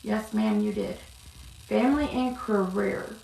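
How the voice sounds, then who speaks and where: A woman reading cards on a live stream, chatting warmly with viewers and calling them love. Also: medium pitch, wildly swooping pitch, unhurried, far from the mic. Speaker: card reader. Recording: echoey room, off-mic, noisy.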